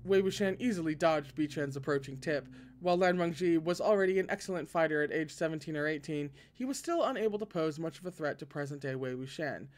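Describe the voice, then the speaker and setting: A man reading a novel aloud expressively, now and then breaking in with excited asides. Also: fairly high pitch. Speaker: podcast reader.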